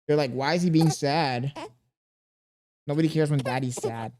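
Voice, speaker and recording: A man's voice: a little high, moderate pace, long pauses, a little mellow. A man streaming live, reading chat comments aloud and cooing at a baby in a playful, mock self-pitying way. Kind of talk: casual livestream chat.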